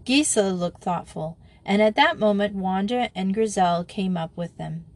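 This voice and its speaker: A woman reading a children's school story aloud in a measured, plain narration. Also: medium pitch. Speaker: audiobook reader.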